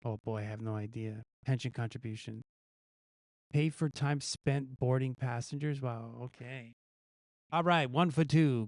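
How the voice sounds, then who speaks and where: A man's voice: mid-range voice, darkish tone, no echo, clean studio sound. A male host casually reading out news quiz questions, guessing the answers himself and chuckling at his own gag options.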